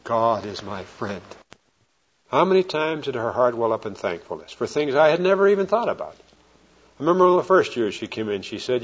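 A man preaching a sermon, telling a story earnestly and often dropping his voice soft and low. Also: big pitch swings, brisk, breathy edge. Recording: dull lo-fi old recording.

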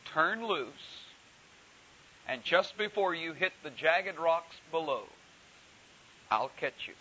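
A man voicing a stately, calm voice from heaven that speaks in a measured, lower, softer tone. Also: heavily acted. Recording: dull hissy recording.

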